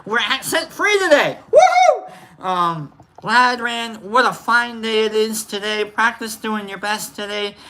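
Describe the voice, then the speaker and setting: A woman's voice: a little high, unhurried, background noise. A woman co-hosting a livestream, casually reading out chat names with rambling, playful asides and sudden whoops. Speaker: livestream co-host.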